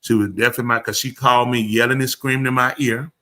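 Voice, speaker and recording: Bright-voiced man in casual chat. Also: mid-range voice, fast talker. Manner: animated storyteller, acts out quotes. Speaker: host.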